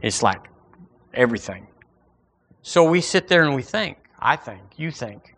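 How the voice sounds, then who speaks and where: Bright-voiced folksy male preacher. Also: medium pitch, moderate pace. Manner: folksy, animated, full of everyday analogies. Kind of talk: sermon.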